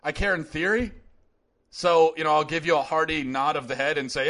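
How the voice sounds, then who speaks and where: A man's voice: on the high side, fairly quick, bright, forceful tone. A man hosting a solo commentary show, talking in a rambling, conversational way with many restarts.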